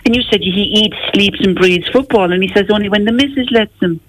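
A man's voice: high voice, brisk, a crowd in the background, close to an everyday voice, rough recording. A man impersonating a blunt, scornful football hardman, ranting in a radio comedy sketch.

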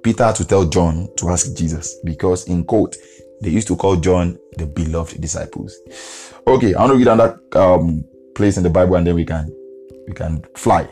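A man's voice: deep voice, moderate pace, mellow, soft background music. A man preaching an earnest devotional podcast sermon, repeating phrases for emphasis.

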